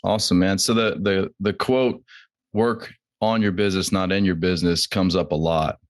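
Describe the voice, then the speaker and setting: A man hosts a podcast interview, asking his guest questions in a relaxed, friendly way. His voice is very low. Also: moderate pace. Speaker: podcast host. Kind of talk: casual interview.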